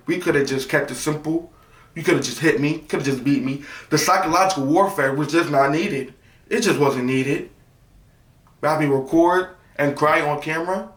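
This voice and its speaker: A young man telling a casual story from his own life on a vlog, animated, his voice leaping high in mock exasperation. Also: roomy sound, distant mic. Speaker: storytime vlogger.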